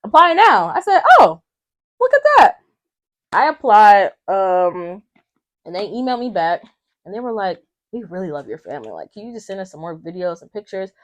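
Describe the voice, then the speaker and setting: A young woman from Atlanta, a podcast guest telling a family story in a lively way and acting out the voices of her relatives. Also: mid-range voice, a little fast. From Atlanta, Georgia. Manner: animated, acts out family members' voices. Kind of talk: casual storytelling.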